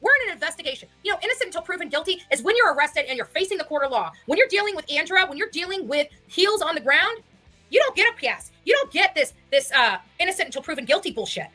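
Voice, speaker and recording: A woman in her forties ranting on a livestream, loud, emphatic and combative. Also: very high-pitched, big pitch swings, quick pace, faint music behind. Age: 40s. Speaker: online streamer. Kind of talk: indignant livestream rant.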